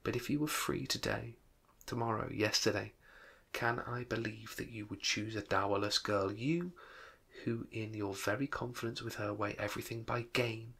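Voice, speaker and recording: A man reading the part of a gentle, sorrowful young woman who is ending her engagement, in a soft, hushed voice. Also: mid-range voice, fairly even intonation, normal speed, gravelly, slightly rough. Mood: sad, gentle. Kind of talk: dramatic reading of a novel.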